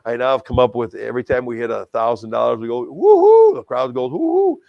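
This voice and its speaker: A middle-aged man from Wisconsin tells stories in a relaxed interview, with a gravelly edge to his voice. He talks animatedly and pokes fun at himself, tripping over and repeating words as he goes. The sound is close and dry. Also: medium pitch, fast talker, no room sound, dull audio. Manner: animated, self-deprecating, many restarts and stammered repeats. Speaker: guest, charity auctioneer and stadium announcer. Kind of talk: casual interview storytelling.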